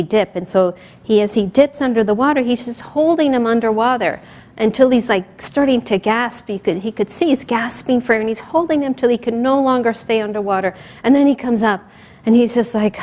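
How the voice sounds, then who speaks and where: Woman giving an animated spiritual talk. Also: mid-range voice. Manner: animated storyteller, laughs often, asks "right?"; drops to a soft whisper for sayings of saints. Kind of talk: sermon with storytelling.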